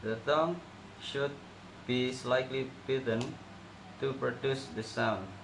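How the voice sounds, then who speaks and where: A young male student slowly reading out a pronunciation assessment and demonstrating sounds. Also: mid-range voice, gravelly. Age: young adult. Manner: slow, careful, demonstrating sounds. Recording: echoey room with noticeable background noise.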